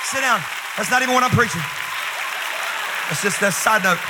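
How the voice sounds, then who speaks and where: A man preaching a sermon, telling a comedic story, animated and full of asides. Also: high-pitched, a little fast, a loud crowd, heavy background noise. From North Carolina. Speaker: pastor.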